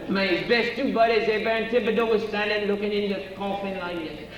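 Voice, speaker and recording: A man's voice: sits high, steady tone, a little fast, lo-fi sound, a crowd in the background. A man with a Cajun accent telling a comic story on a theater stage, drawling and folksy. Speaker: comedian. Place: theater stage before an audience. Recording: very echoey hall, from far off, faint noise.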